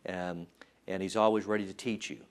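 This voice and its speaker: A man's voice: deep voice, fairly even intonation, fairly quick. A man teaching from the Bible in an informal sermon, chatting, acting out voices and joking about himself. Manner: conversational, acts out voices and jokes about himself. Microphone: taped.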